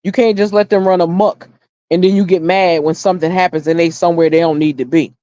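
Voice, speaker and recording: A woman's voice: on the low side, fairly even intonation, fast, warm tone, no echo, highs cut off. A middle-aged woman hosting a casual livestream chat, blunt and opinionated, swearing freely and repeating her points for emphasis as she tells stories. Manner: storytelling, emphatic repetition. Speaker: livestream host.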